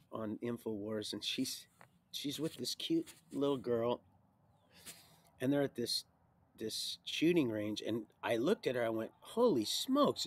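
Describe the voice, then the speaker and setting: A man rambling through a personal life story on a livestream, jumping between loud bursts and quiet mutters. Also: medium pitch, dry recording. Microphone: streaming mic.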